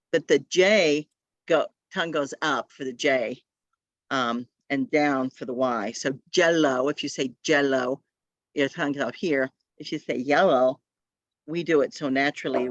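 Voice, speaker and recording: A woman's voice: very deep voice, normal speed, no room sound. A woman leading a training session for adult language teachers over a video call, often acting out sounds and how students speak. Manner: demonstrates sounds, models student speech. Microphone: video call audio. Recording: dull, dry video call audio.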